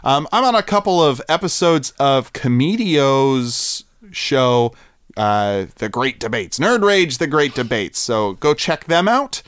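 Rambling podcast host, lively pitch. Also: male voice, a little slow, clean tone, no room sound. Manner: joking, rambling with many fillers. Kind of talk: casual podcast outro banter.

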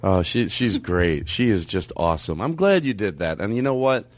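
A man hosting a podcast, excitable and rambling, often stopping and restarting. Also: low voice, moderate pace, dry recording. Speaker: podcast host. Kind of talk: casual podcast chat.

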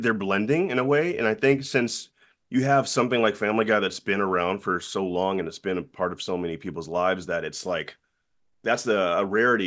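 A man as an interview guest, telling a story in a lively way and acting out the voices of other people. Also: low-pitched. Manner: lively, acts out quoted voices.

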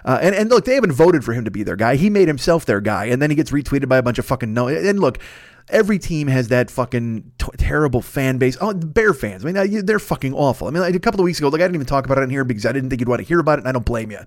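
A man in his fifties, a podcast host rambling through a profane, animated casual monologue. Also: mid-range voice, rapid-fire, no echo, studio quality. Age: 50s.

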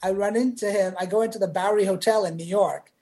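A man telling a story as a podcast guest in a relaxed chat. He is animated and acts out the quoted lines with changing voices. He talks casually, with fillers, as he goes. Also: high voice, fast, a little hiss or hum.

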